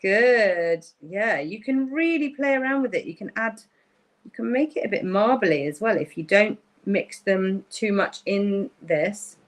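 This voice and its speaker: This is a woman hosting a live-streamed craft tutorial from her table at home, her voice sitting in an ordinary middle pitch. She talks her way through each step as she paints, chatting loosely to viewers and apologizing often along the way. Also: lively intonation, measured pace, low-quality recording. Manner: chatty, thinks aloud while painting, apologetic. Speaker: craft workshop host.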